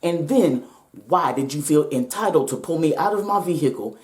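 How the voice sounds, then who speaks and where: A woman's voice: sits low, lively intonation, normal speed, darkish tone, reverberant. A woman vlogger telling a personal story to her viewers, blunt, profane and emphatic, her voice shaking with nerves.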